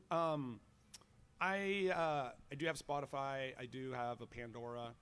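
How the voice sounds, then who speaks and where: A middle-aged college teacher, a guest on a radio show, chatting casually and telling animated stories with many fillers. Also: male voice, medium pitch, takes it slowly, smooth. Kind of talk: casual radio interview chat.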